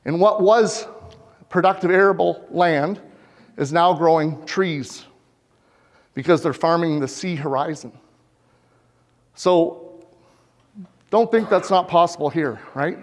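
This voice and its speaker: A man's voice: on the high side, takes it slowly, long pauses. A man from Canada, a farmer giving a presentation in a conference hall on a lapel mic, talking earnestly and putting questions straight to his audience. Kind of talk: public presentation. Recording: long reverb of a hall.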